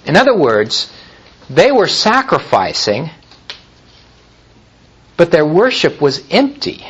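A man preaching a sermon in a measured way, with frequent pauses and restarts. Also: a little high, huge pitch swings, a bit bright, slightly rough, muffled recording. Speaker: pastor.

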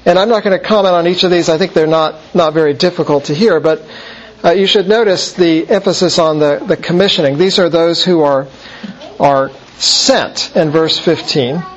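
A man's voice: fairly high pitch, moderate pace. A man giving an explanatory Bible study talk, stopping often to correct himself with small fillers. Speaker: Bible teacher. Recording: dull lo-fi sound with faint ambience.

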